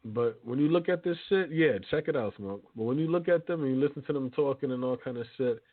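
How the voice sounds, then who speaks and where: A man's voice: mid-range voice, fast talker, dry recording. A man hosting a radio talk show, speaking loosely and profanely with lots of fillers and restarts. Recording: tinny phone-like line.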